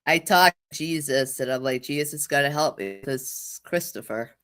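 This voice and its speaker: A woman from New England with a New England accent, chatting as a lively and blunt co-host on a talk show. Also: a bass voice, moderate pace. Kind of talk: casual talk show chat.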